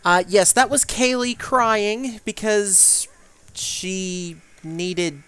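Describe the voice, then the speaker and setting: A friend chatting casually on a gaming stream in a relaxed, rambling way. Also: medium pitch, very slow, slight background noise. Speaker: co-host friend.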